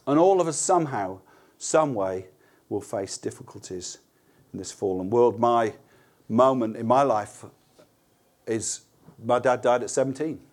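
A man's voice: medium pitch, measured pace, long pauses, darkish tone. A man preaching a sermon in an earnest, conversational way, asking rhetorical questions and restarting words as he goes.

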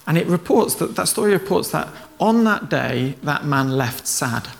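Gravelly, higher-voiced male preacher. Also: lively intonation, moderate pace, a little hiss or hum. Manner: retells stories conversationally, acting out quoted lines. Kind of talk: sermon.

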